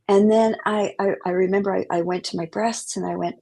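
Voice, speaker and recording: A woman's voice: medium pitch, steady tone, brisk, creaky, few pauses, warm tone. A middle-aged woman, a guest, telling a personal story with feeling and acting out the voices in it. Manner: emotional, vivid storyteller who acts out quotes.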